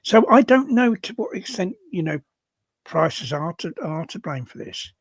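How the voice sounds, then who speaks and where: A slightly higher-pitched older man with a husky, breathy edge to his voice. He talks in a casual, halting way, restarting and repeating words as he works out his point. The sound is dry and close. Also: very animated, no room sound. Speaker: podcast co-host. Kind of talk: casual discussion.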